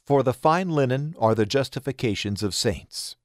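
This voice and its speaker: A man reading scripture aloud in a solemn, measured recitation. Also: mid-range voice, animated, a little mellow, no room sound, studio quality. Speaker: scripture reader.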